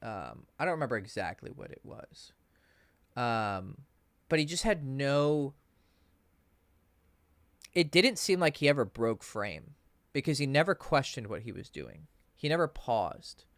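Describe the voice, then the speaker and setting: A man's voice: mid-range voice, smooth, dry recording. A man coaching on dating, telling a story in a casual, profane livestream Q&A and acting out the people he quotes. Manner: casual, profane, animated when quoting others.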